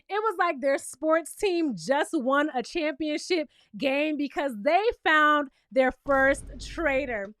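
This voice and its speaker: A woman's voice: high voice, animated, slow pace, few pauses, fairly bright tone, dry recording, clean studio sound. A woman giving casual, sassy commentary as she recaps a reality TV show, talking straight to her viewers with lots of emphasis. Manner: acts out quotes in exaggerated voices. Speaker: TV recap reviewer.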